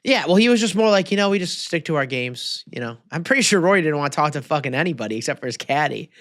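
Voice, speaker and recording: A man co-hosting a sports podcast, his voice a little higher than most men's and bouncing widely in pitch. He swears casually and laughs easily, and the close mic keeps his voice dry. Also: lively intonation, fast talker, fairly bright tone, no room sound. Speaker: podcast co-host.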